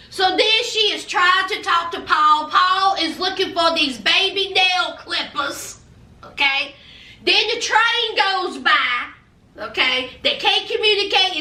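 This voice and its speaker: Woman, very high voice, very bright and sharp tone, sassy gossip recap, echoey room, mic a little far off. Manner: sassy, chatty, acts out quotes in changing voices. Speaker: reality TV recap host.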